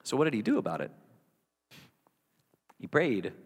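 A man's voice: on the low side, wildly swooping pitch, normal speed, creaky, husky, in a large hall. A man preaching a sermon as the pastor, earnest and conversational, with wry asides to his congregation.

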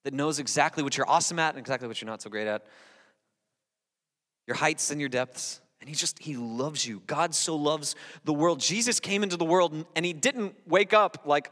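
A male pastor giving a conversational sermon, lively and talking straight to the congregation, often restarting and repeating words. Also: fairly high pitch. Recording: long reverb in a large hall.

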